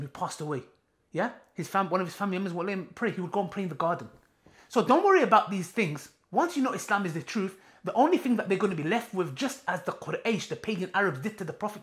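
Impassioned man, lively pitch. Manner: emphatic, repetitive, rising to heated outbursts. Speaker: online preacher. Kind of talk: impassioned street-style talk.

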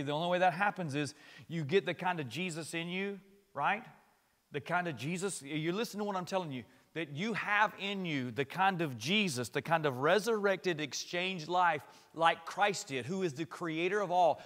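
A man preaching a sermon as pastor, switching between loud impassioned passages and quiet conversational asides, with repeated phrases. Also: high-pitched, long reverb tail.

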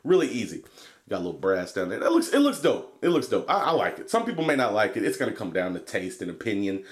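A man's voice: on the low side, big pitch swings, quick pace. Rambling, profane guy reviewing gear. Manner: rambling, profane, laid-back. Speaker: vape product reviewer. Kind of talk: casual product review vlog.

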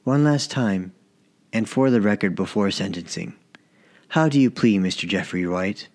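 A man's voice: fairly low pitch, lively intonation, moderate pace. A man voicing a stern, weary male judge in an audiobook story, speaking formally.

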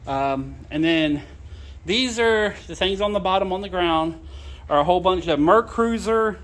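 In a high-pitched, fairly bright voice, a man talks unhurriedly through a casual vlog shot outdoors beside a trailer. He rambles about used gear he plans to sell, laughing to tears, giggling constantly, and apologizing.

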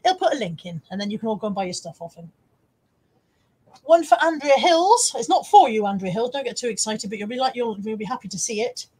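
A woman's voice: fairly high pitch, lively intonation, fairly quick, dark tone, slightly rough, low-quality recording. A woman hosting a casual live stream, chatting and laughing as she reads out viewer comments. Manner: chatty, self-mocking, laughs often. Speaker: live-stream host reselling on eBay.

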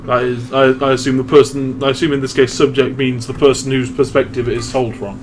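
A man's voice: mid-range voice, level tone, brisk, slight background noise, rough recording. A man playing a visual novel with friends, reading its dialogue aloud and making wry asides. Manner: reads game text aloud with wry asides. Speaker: let's play commentator. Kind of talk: group game playthrough, reading dialogue aloud.

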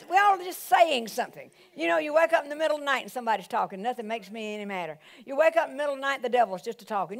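A woman pastor preaching a sermon, animated and full of exclamations. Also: on the high side, very fast, hardly any pauses.

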